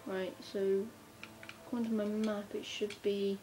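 A woman chatting casually as she narrates her gameplay, talking to herself and breaking into bursts of excitement. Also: medium pitch, a little slow. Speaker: gamer narrating her play. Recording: faint background noise.

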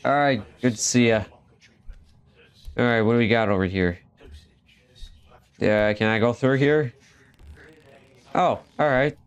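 A man with a clear, resonant, medium-pitched voice hosts a horror game let's play, speaking a little slowly with long pauses. He's playful and laughs easily, even chatting with the game's characters on screen.

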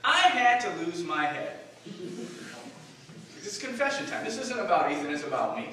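High-voiced pastor in an echoey church. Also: male voice, sing-song, sharp tone. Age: 40s. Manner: storytelling, self-deprecating, with filler pauses. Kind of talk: sermon. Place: church sanctuary. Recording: distant, very echoey church recording with noise.

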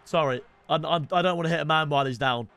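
A young man giving casual, chatty commentary over his gameplay, now and then shouting excitedly at the game. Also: on the high side, fast, clean tone, dry recording. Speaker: streamer.

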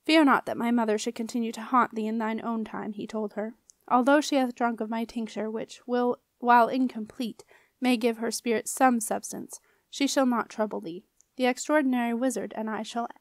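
A woman's voice: on the high side, steady tone, normal speed, no room sound, studio quality, close to an everyday voice. A woman voicing a formal male alchemist who speaks in old-fashioned phrasing, in an audiobook reading. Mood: reassuring. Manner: solemn olde-worlde phrasing.

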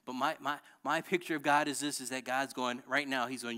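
A man's voice: medium pitch, fairly quick, few pauses. Impassioned middle-aged man preaching. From Illinois. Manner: impassioned preaching that builds to shouting. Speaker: pastor. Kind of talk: sermon. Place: church sanctuary.

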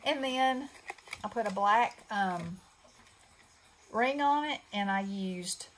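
A woman's voice: mid-range voice, takes it slowly, pauses often, a little hiss or hum, poor audio. A middle-aged woman, chatting casually as she shows off her handmade craft projects, rambling with fillers. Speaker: craft channel host. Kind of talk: casual craft show-and-tell.

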